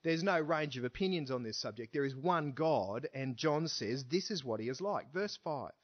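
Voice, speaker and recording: Man, preacher, sermon, animated swooping delivery, rhetorical questions, muffled lo-fi recording. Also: medium pitch, normal speed. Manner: emphatic, asks the listener rhetorical questions. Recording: dull lo-fi recording.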